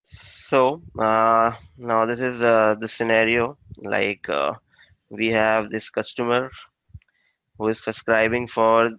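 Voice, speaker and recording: A male instructor giving a technical training lecture, talking in a halting way with frequent fillers and restarts. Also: lowish voice, little pitch movement, a bit bright, clear, resonant tone, no echo, muffled recording.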